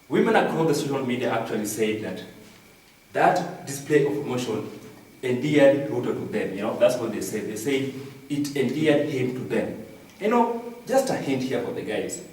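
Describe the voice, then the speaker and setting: A man's voice: medium pitch, darkish tone, slight background noise. A Kenyan man doing a satirical comic news monologue, repeating each punchline with "I'm telling you.". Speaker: comedian. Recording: very echoey, distant from the mic.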